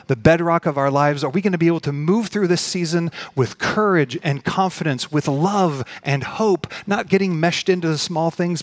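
A man's voice: medium pitch, no echo. Earnest male pastor preaching, dry sound. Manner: earnest, building to emphatic peaks then slowing to soft pauses. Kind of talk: sermon.

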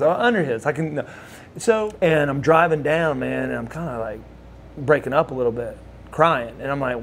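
He's a former wrestler in his forties, animatedly telling stories in a relaxed shoot interview and voicing the people he quotes. His voice is a little high and fairly quick, with slight background noise.

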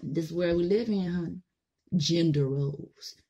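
A woman's voice: lowish voice, measured pace, dark tone, slightly rough, highs cut off. A woman vlogger giving a blunt, profane monologue to camera, mocking the people she talks about.

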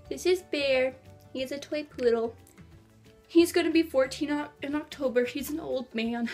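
A woman's voice: sits high, expressive, measured pace, long pauses, darkish tone, faint music behind. A teenage girl chatting to camera in her bedroom, rambling and bubbly. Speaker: vlogger. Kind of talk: casual chat to camera. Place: bedroom at home.

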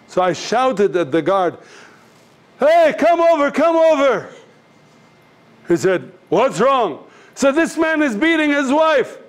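Earnest, fairly high-voiced male teacher. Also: a little mellow. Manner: storytelling, acts out voices in anecdotes; earnest, direct to students. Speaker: missions teacher. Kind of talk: classroom teaching talk.

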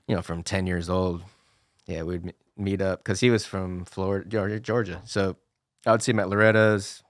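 Laid-back deep-voiced man telling stories. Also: level tone, normal speed, dry recording, studio quality. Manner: laid-back, swears casually, trails off with "you know". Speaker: podcast guest, former racer. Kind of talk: casual storytelling chat.

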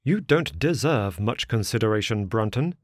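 A man voicing a stern gentleman dismissing his butler, in an audiobook story. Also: lowish voice, expressive, normal speed, no room sound, clean studio sound. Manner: stern, clipped. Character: stern gentleman master of the house.

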